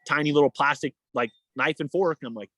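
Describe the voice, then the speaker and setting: A man's voice: fast, pushed and bright, poor audio. A man telling a long story in a casual interview, rambling with many fillers and acting out what people said. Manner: rambling, many fillers, acts out quotes in a higher voice. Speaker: endurance athlete guest.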